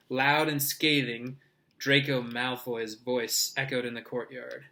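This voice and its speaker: A man's voice: mid-range voice, fairly even intonation, moderate pace, pushed and bright. A man reading a novel aloud in an easygoing, unpolished way. He trips over words, backs up to fix them and drops in little comments of his own. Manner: informal, with slips, restarts and asides. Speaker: reader.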